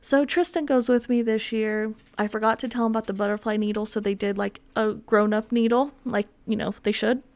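A woman's voice: a little high, steady tone, fairly quick, hardly any pauses, darkish tone. A young woman hosting a podcast from home, chatting casually in a rambling, filler-heavy, self-mocking way. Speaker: podcast host. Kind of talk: casual solo chat. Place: home with dogs around.

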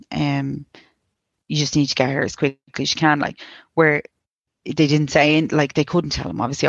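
An Irish woman in her thirties speaks with a gravelly edge, halting and restarting as she recounts a painful story and quotes the people around her. The recording is close and dry, with a slightly dull, lo-fi tone. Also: deep voice, no echo. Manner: halting, many restarts and likes, quoting others. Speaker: guest sharing a personal story. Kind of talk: emotional personal account.

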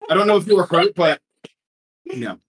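A man running a tabletop game as guest game master, playful and animated. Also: sits high, moderate pace, slight background noise.

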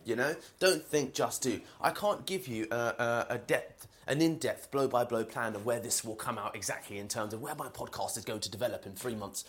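A man with a London accent hosts a solo podcast from home. He rambles through his thoughts with plenty of fillers and false starts. His voice sits at an ordinary middle pitch. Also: fairly quick, hardly any pauses. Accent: London English. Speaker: podcast host. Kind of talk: casual solo podcast monologue. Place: indoors in a home kitchen while boiling eggs.

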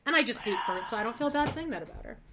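A woman with a somewhat high voice chatting casually as a podcast co-host. She talks bluntly and throws in sarcastic jabs. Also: lively intonation, rapid-fire, a crowd in the background. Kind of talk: casual chat recapping a reality show.

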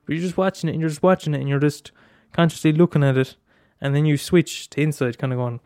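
A man's voice: fairly high pitch, fairly even intonation, quick pace, few pauses, warm tone. A man in a rambling casual monologue, swearing often and restarting his sentences.

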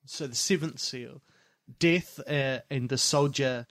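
A man's voice: medium pitch, slow, a bit bright, no room sound. A man co-hosting a podcast in casual chat, wry and rambling, trailing off with fillers. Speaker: podcast co-host.

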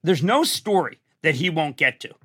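Man in his 60s, guest in an interview, excitable rambling talker with a high, bright, very lively voice. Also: normal speed, slightly rough. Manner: excitable, rambling storyteller, rises to near-shouts. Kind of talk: animated conversation.

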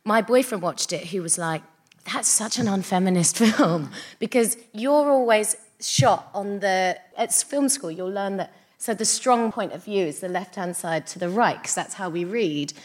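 A woman's voice: mid-range voice, normal speed, hardly any pauses. A woman actress, a guest on a live comedy podcast, speaking earnestly and reflectively with laughing asides.

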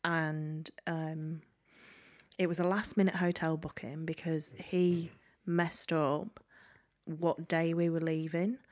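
A woman's voice: deep voice, little pitch movement, takes it slowly, darkish tone. A woman co-hosting a podcast, chatting casually, laughing often and telling stories in a rambling way. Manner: giggly, rambling storyteller. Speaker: podcast co-host. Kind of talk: casual chat.

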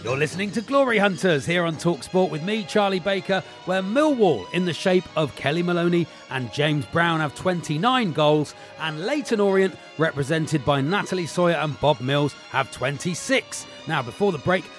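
A man's voice: fairly high pitch, expressive, moderate pace, few pauses, faint music behind. A man hosting a radio sports quiz in a jovial, teasing way.

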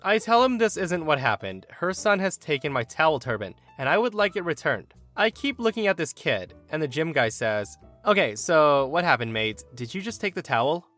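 A man reads a forum story aloud with animated storytelling energy. His voice sits a bit high and rises and falls widely, while soft music plays quietly underneath. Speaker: story narrator.

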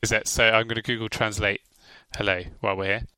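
Teasing podcast host, bright. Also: male voice, fairly low pitch, flat delivery, fast talker, clear, resonant tone, no room sound. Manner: dry, teasing banter. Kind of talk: casual podcast chat.

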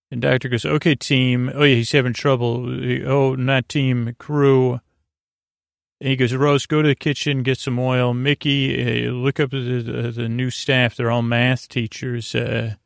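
Flat, gravelly man recapping sleepily. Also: mid-range voice, dry recording, studio quality. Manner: halting and unhurried, with many pauses and filler sounds; reads quoted lines in his own plain voice. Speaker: podcast host. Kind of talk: drowsy sleep-podcast episode recap.

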